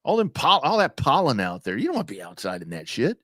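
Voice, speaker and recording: A man's voice: medium pitch, wildly swooping pitch, fast, fairly bright tone, no room sound. A male sports talk co-host, chatty and joking, with casual swearing.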